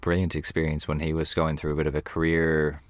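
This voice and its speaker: This is a man with a very deep, low voice, chatting as a guest in a camper van. He tells his stories with animated energy and scatters "like" all through them. The sound is dry, with almost no room echo. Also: brisk. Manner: animated storyteller, heavy on "like". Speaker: podcast guest. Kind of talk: casual conversation.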